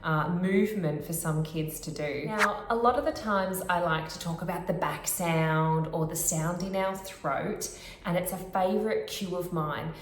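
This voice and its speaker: Woman therapist, lower register, teaching to camera, demonstrates sounds, roomy echo. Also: unhurried, slight background noise. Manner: friendly, clear, demonstrates sounds. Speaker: speech pathologist. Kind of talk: instructional explanation to camera.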